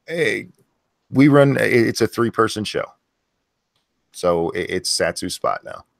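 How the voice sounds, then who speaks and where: A man's voice: lowish voice, expressive, a little slow, vocal fry, no room sound, studio quality. A man hosting a live stream, talking in a blunt, profane, casual way and reading chat messages aloud. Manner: blunt and profane, many fillers and restarts. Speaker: host of a live stream show.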